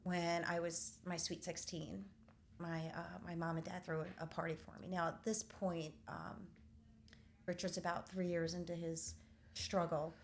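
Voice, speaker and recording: Middle-aged woman, lowish gravelly voice, open and halting, faint hiss behind. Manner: candid, halting with many fillers. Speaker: podcast host. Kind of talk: personal storytelling in conversation.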